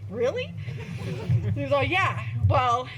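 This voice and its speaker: A woman giving an informal eulogy, halting with many ums and laughing between stories, at an outdoor gathering. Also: high-pitched, lively intonation. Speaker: eulogy speaker. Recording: dull lo-fi sound with loud background noise.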